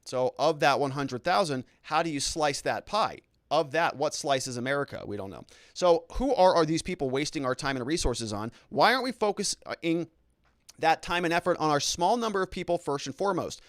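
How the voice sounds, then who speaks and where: A man's voice: on the high side, expressive, moderate pace, dry recording, studio quality. A man hosting a live-stream show, reading viewer comments aloud and answering them in a chatty, unscripted way with frequent restarts.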